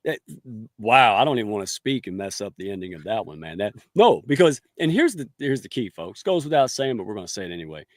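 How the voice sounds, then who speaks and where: A man's voice: lowish voice, very animated, fast talker, no echo, studio quality. A man hosting a podcast interview, folksy and enthusiastic, using homespun words. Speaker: podcast host.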